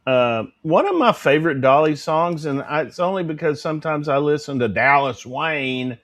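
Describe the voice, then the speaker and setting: A man hosting a casual livestream chat, folksy and animated, swearing casually. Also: medium pitch. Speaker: livestream show host.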